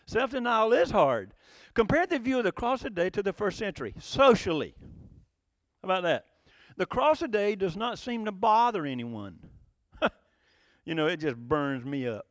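A man preaching a sermon, animated, asking rhetorical questions and chuckling between points. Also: high-pitched, no echo, studio quality.

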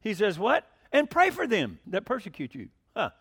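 A middle-aged man preaching a sermon, swinging between loud emphatic declarations and quiet conversational asides, often questioning the congregation. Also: high voice, wildly swooping pitch, moderate pace, husky.

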